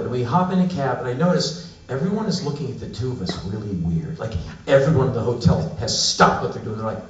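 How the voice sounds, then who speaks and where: A man's voice: mid-range voice, a little hiss or hum. Wry man telling a story on stage, roomy. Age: 40s. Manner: wry, animated, sardonic delivery. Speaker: spoken-word performer. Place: live club stage. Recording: roomy, distant, dull live stage sound.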